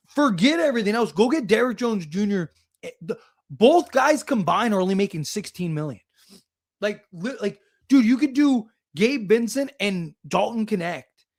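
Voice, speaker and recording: Young guy livestreaming, kinda high voice, chatty and animated, laughs a lot. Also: vocal fry. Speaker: livestream host. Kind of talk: casual livestream chat.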